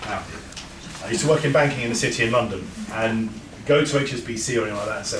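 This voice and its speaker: A man's voice: medium pitch, fast. A man giving an informal, anecdotal talk to an audience, with frequent restarts. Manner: chatty, anecdotal, with stammered restarts. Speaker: speaker at a breeders' talk. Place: event room with an audience. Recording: echoey room, mic far off, background noise.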